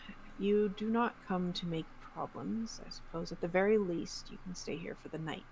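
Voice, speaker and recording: A woman game master voicing a wary older woman who guards her island camp, asking measured, guarded questions. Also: lowish voice, vocal fry, a little mellow, slight background noise, rough recording. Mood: grudging. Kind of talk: tabletop game character voice.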